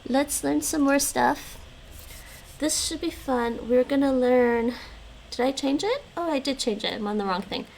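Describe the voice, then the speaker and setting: A woman live-streaming in a casual, chatty way, thinking aloud and reading passages aloud while her voice is going hoarse. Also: high-pitched, expressive, moderate pace, darkish tone, a little hiss or hum, low-quality recording. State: losing her voice, coughing.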